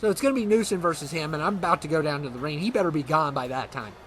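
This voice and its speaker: High-voiced man commentating a wrestling game. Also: rapid-fire, a bit bright. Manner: dramatic, exasperated, playfully indignant. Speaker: gaming commentator. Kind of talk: casual let's-play commentary.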